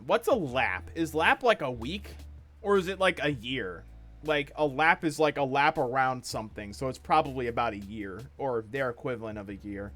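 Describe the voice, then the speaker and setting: A man streaming himself reading a webcomic aloud, with animated commentary full of swearing and excitable outbursts. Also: mid-range voice, normal speed, soft background music.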